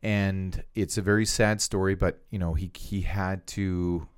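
A man with a low voice chats casually on a podcast. He rambles a little and stumbles over his first words before he finds the point. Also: flat delivery, measured pace, clear, resonant tone. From Canada. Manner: rambling, repeats words when starting sentences. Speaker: podcast co-host. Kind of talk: casual political chat.

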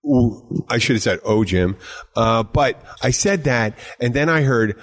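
A man's voice: medium pitch, normal speed, breathy edge. A man hosting a podcast in casual chat, rambling and emphatic, with lots of restarts and swearing. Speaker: podcast host.

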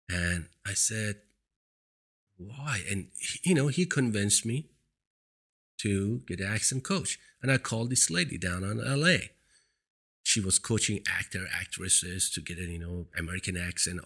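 A man's voice: low voice, sharp tone. A man with a foreign accent, a non-native English speaker, giving an earnest, emphatic motivational monologue into a microphone as a talk show host. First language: not English. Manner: earnest, emphatic, repeats points for stress. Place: seated indoors. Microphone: studio microphone.

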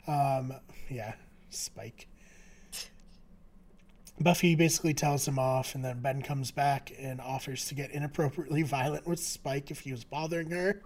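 A man's voice: medium pitch, normal speed, a little mellow. Chatty man recapping with frequent laughs. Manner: laughs often, chatty, many fillers. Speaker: podcast co-host. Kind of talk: casual episode recap.

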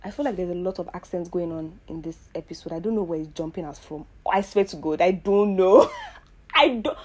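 A woman from Nigeria hosting her own show, talking in a casual, earnest and reflective monologue full of fillers and pauses. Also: on the low side, a little mellow, husky. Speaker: podcast host.

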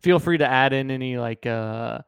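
A man's voice: medium pitch, moderate pace, fairly bright tone, clear, resonant tone, dry recording, clean studio sound. A man co-hosting a casual sports podcast, goofy and playful, pushing silly bits on his co-host.

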